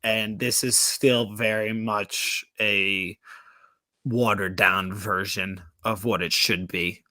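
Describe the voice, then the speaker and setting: A man's voice: fairly low pitch, steady tone, slow pace, bright, forceful tone, no room sound, clean studio sound. A man co-hosting a wrestling podcast in casual chat, cynical and heavy on filler words. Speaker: podcast co-host.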